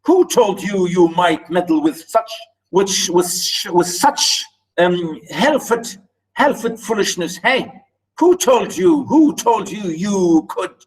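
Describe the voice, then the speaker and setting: A man voicing a scornful, abusive father who shouts taunts at his educated son, read aloud in a lesson. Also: animated, takes it slowly, low-quality recording. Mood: shouting taunts. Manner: shouting, taunting, high and strained. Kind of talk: dramatic reading aloud.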